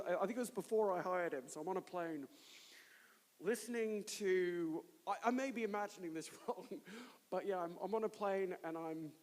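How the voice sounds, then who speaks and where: A man hosting a live conference, introducing speakers while breaking into laughter. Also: sits high. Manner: giggly, keeps breaking into laughter. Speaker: conference host. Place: large hall with long reverb. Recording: live conference hall reverb.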